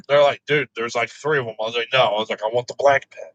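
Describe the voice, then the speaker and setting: A man telling crude work stories in casual chat, laughing often and delivering his own quoted replies deadpan. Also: mid-range voice, quick pace, dry recording, muffled recording.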